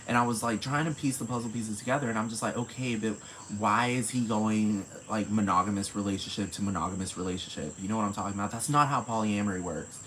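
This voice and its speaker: This podcast host talks fast with hardly any pauses, his lowish voice fairly bright. Alone on the mic, he rambles through casual, profane commentary and keeps asking if the listener knows what he means, on a low-quality recording with slight background noise.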